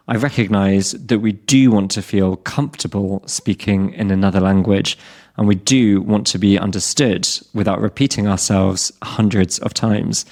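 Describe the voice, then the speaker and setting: A British man in his thirties speaks in a low voice as the host of an English-learning podcast. His talk is scripted but candid, with self-deprecating humour and steady encouragement for learners.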